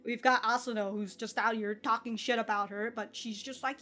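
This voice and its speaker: A woman with a fairly high voice talks through an anime episode in loose, rambling commentary. She laughs often and drops casual swears as she goes. Soft music plays faintly underneath. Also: unhurried. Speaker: anime reaction channel host.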